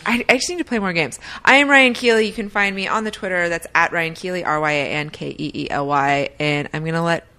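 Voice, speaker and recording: A woman's voice: on the low side, fast talker, few pauses, bright, forceful tone. A young woman hosting a podcast, playful and giggly as she asks her guest questions. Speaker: podcast host. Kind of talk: casual chat.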